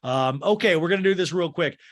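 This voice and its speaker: A man imitating a brisk male television talk show host wrapping up a segment. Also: a little high, voice pushed up, lightly acted.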